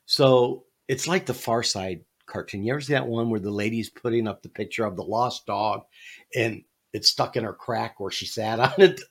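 A man hosting a podcast, telling a funny story in an animated, jokey way. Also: lowish voice, normal speed, husky. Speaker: podcast host. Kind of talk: casual storytelling.

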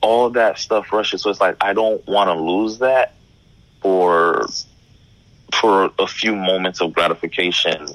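A man speaking as a guest in casual conversation, calm and reflective, with some slang. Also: low voice, a little slow, no room sound, rough recording.

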